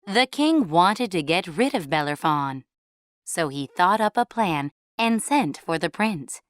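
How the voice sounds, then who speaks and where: A woman reading a storybook aloud in a clear, measured way for English learners. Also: lowish voice, animated, no room sound.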